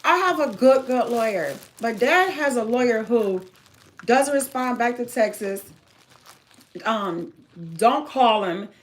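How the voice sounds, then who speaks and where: Brief: woman, slightly high voice, emphatic rambling storyteller, casual chat. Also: expressive, slow pace. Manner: emphatic, tumbling run-on storytelling. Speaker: parent telling her story to viewers.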